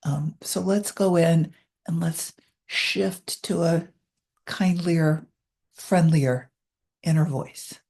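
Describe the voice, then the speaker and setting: Mellow, low-voiced woman guiding meditation. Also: fairly even intonation, slow pace, pauses often. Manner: candid and self-deprecating, softening to a hushed meditative tone. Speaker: meditation guide. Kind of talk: casual talk leading into a guided meditation.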